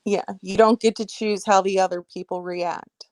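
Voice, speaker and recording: A woman's voice: medium pitch, fairly even intonation, normal speed, a little mellow, no room sound. A woman joining a casual livestream chat, agreeable and supportive of the host.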